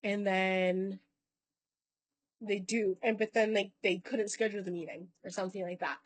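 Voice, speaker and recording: A woman's voice: medium pitch, steady tone, normal speed, no echo. Chatty rambling woman, dry sound. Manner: rambling, self-correcting, casual swearing; acts out other people's lines in quoted voices. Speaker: vlogger. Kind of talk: casual storytelling to camera.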